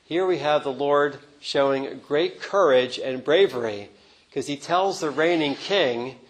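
A man preaching a sermon on a gospel passage, earnest and unhurried, with small restarts as he explains the text. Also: fairly high pitch, rough recording.

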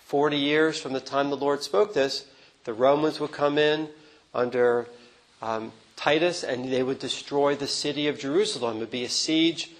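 A man in the middle of a sermon, speaking in an earnest, unhurried way. His voice sits at an ordinary middle pitch, and he pauses and restarts as he works through the passage. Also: steady tone, rough recording. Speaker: preacher. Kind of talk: sermon on a gospel reading.

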